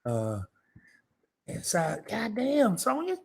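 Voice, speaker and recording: A hoarse man hosting a live interview stream, joking around in a loud, slangy, animated way. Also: sits high, slow pace. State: hoarse from laryngitis. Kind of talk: casual live-stream chat.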